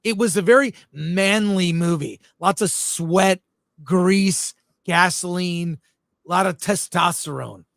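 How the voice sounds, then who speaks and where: A man's voice: high voice, slow, gravelly, fairly bright tone, no echo. A man co-hosting a casual livestream film review show, blunt and jokey, reading viewer comments aloud. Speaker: film critic co-host.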